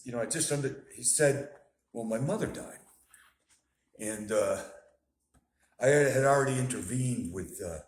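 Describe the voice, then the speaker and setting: A low-voiced man talks through a casual video diary, rambling with fillers and self-corrections. He is self-deprecating and chuckles at his own stories. The sound has a roomy echo. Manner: self-deprecating, laughs at himself. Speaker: vlogger sharing his life with bipolar disorder.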